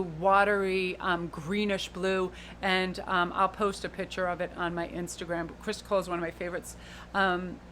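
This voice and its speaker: A woman giving a pick-a-card tarot reading in an expressive, flowing, spiritual way. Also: mid-range voice, slight background noise. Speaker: tarot reader.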